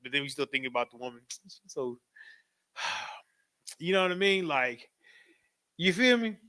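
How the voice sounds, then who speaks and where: A man leads a class in a loose, preaching style, repeating himself and checking in with the room. His voice sits fairly high and rings bright and forceful, and he laughs often as he talks. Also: measured pace. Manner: animated, repetitive, frequent asides to the audience; laughs often while talking. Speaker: class teacher.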